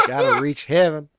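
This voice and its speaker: A man's voice: very high voice, very noisy. Hesitant man running a tabletop game. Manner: hesitant, many filler sounds. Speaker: game master. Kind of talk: casual game chat. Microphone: remote home mic.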